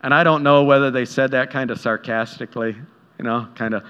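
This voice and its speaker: Bright-voiced man preaching in a reverberant hall. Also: mid-range voice, fairly even intonation, brisk, smooth. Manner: conversational, acts out quotes, chuckles at own stories. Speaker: pastor. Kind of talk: sermon with storytelling. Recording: dull sound with long hall reverb.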